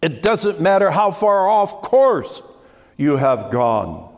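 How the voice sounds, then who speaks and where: A man preaching a sermon to his congregation in an emphatic way, repeating key phrases and dropping to a hush. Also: on the high side, very animated, takes it slowly. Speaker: pastor. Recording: long hall reverb.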